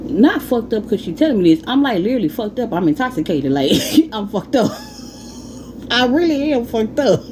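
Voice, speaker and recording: Woman, animated slangy storyteller; pitch jumps around; audible background noise. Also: moderate pace, low-quality recording. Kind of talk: casual storytime.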